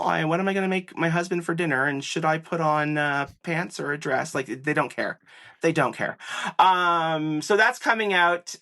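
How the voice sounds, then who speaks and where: A man as a podcast guest, telling stories in a chatty, animated way and jumping high in pitch when he quotes people. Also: vocal fry. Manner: chatty, many fillers and laughs. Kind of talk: casual interview storytelling.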